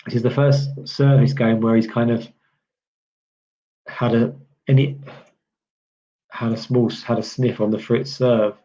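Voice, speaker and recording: A man's voice: mid-range voice, fairly even intonation, measured pace, long pauses, dark tone. A man from the UK doing casual live tennis commentary, chatty and rambling as he answers viewer chat with lots of "um"s. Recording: slightly dull lo-fi stream audio.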